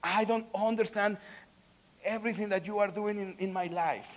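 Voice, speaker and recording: High-voiced preacher, loud then hushed. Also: male voice, fairly even intonation, moderate pace. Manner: swings from loud pleading to soft, quiet earnestness; many restarts and repeated words. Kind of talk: sermon.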